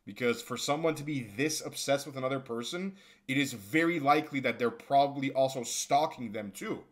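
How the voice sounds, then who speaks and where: A man's voice: mid-range voice, fairly quick, a bit bright. A young man giving sarcastic, mocking reaction commentary for an online video. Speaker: commentary youtuber.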